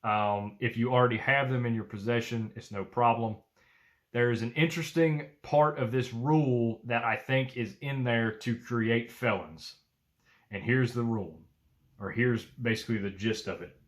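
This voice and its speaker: A man's voice: medium pitch, steady tone, normal speed. Blunt man vlogging. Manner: blunt, profane, opinionated. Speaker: YouTube channel host. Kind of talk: casual opinion commentary to camera.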